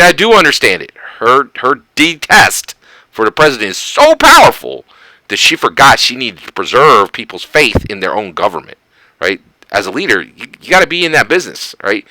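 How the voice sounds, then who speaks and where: American guy ranting about politics, bright voice, lots of pitch swings, keeps saying right?. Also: dry recording, low-quality recording. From Philadelphia, United States. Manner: animated, emphatic, keeps asking "right?". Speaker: political commentator. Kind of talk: casual opinion commentary.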